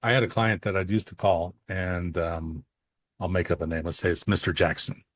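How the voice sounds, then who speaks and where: A man with a low voice co-hosts a casual podcast for accountants. He talks in a loose, conversational way and acts out both sides of client conversations as he tells stories. The sound is dry and close. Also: moderate pace, husky, no room sound. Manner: animated storyteller who acts out dialogue. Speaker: podcast co-host and accounting coach.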